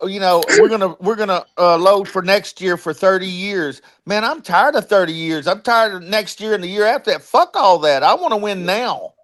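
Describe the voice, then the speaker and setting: Brief: high-pitched man, fired-up call-in panelist, blunt and cussing. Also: lively intonation, moderate pace, hardly any pauses, fairly bright tone. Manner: blunt, profane, impatient. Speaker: podcast panelist. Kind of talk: heated casual sports chat.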